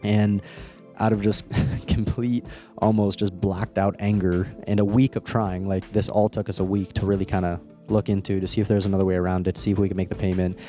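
A young man from Canada, casually telling a personal story in a candid way, laughing often and repeating words when he gets excited. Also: low-pitched, a little fast, faint music behind.

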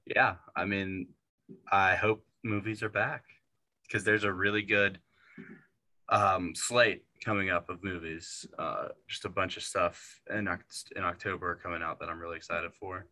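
A man's voice: low-pitched, fairly even intonation, measured pace, sharp tone. A man co-hosting a casual movie podcast, rambling with lots of fillers and restarts. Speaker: podcast co-host.

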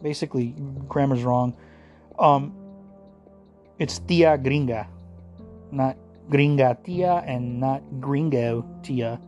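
A man's voice: medium pitch, fairly even intonation, slow, long pauses, a little mellow, faint music behind. A man from the United States in a casual ranting monologue, profane, sarcastic and combative.

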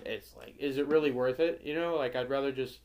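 A man's voice: mid-range voice, a little fast, darkish tone, a little hiss or hum. A laid-back young man in a casual podcast chat, who fills his talk with "bro" and "like". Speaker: podcast co-host.

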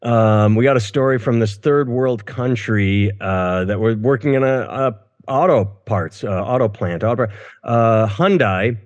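A man's voice: medium pitch, a little slow, darkish tone, big-room sound. A man in his thirties co-hosting a casual comedy news podcast, sarcastic and profane, often stumbling over restarts. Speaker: podcast co-host. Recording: dull lo-fi podcast audio.

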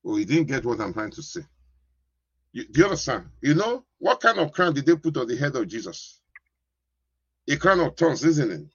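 Pastor preaching, husky and repetitive. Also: male voice, medium pitch, very animated, moderate pace, pauses often, no room sound, muffled recording. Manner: repetitive, keeps asking "you understand?". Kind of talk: sermon.

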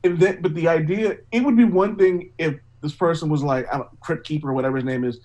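A man's voice: a little high, quick pace, a little mellow, low-quality recording. Rambling man in casual chat. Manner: rambling, lots of "like" and "you know what I mean". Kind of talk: casual discussion.

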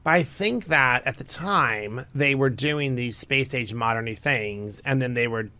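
A man hosting a casual podcast, chatty and animated as he tells stories. His voice sits in a middle register and the recording is dry and close. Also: medium pitch, measured pace, no echo. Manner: chatty, animated, playful storytelling. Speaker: podcast host. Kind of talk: casual fashion podcast chat.

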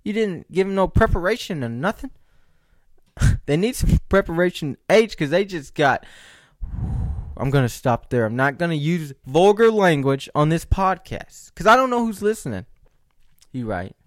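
Animated young man rambling on a podcast. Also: fairly high pitch, moderate pace, no room sound, clean studio sound. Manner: rambling storyteller with joking asides to listeners. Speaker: podcast host. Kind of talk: casual comedic podcast monologue.

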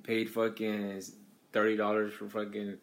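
A man with a low voice talks casually about movies, getting worked up and swearing heavily as he vents. His delivery is loose and unpolished, full of fillers, like friends hanging out. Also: a little slow. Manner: animated, swears heavily, rants.

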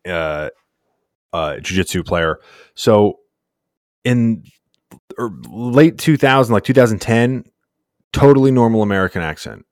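A man's voice: on the low side, no echo, clean studio sound. Laid-back slangy man talking fights. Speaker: podcast co-host. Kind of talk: casual sports chat.

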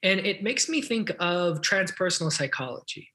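A man's voice: sits high, lively intonation, normal speed, sharp tone. A man hosting an interview, reflecting thoughtfully and asking questions. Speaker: podcast host. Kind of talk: conversational interview.

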